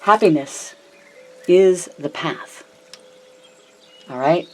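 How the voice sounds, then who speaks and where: A woman giving a casual tarot reading to viewers, chatty and affectionate, calling them her loves and honey, and often slowing down for emphasis. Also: darkish tone. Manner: varies her pitch and pace a lot, slows down for emphasis. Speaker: tarot reader.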